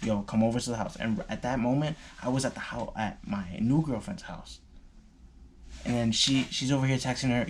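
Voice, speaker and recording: This young man, a vlogger, shares a personal story casually, using slang, plenty of fillers, and curse words. He speaks at medium pitch and normal speed over slight background noise.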